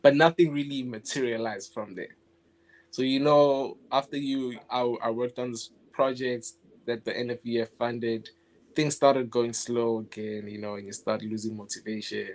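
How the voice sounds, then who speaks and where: A young man from South Africa, a guest animator in a casual interview, talking in a relaxed way, laughing often and restarting his phrases. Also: medium pitch, moderate pace.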